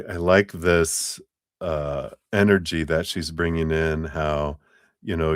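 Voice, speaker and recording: Slow, deep-voiced man reading tarot. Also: no room sound, studio quality. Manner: chatty, laughs often. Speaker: tarot reader.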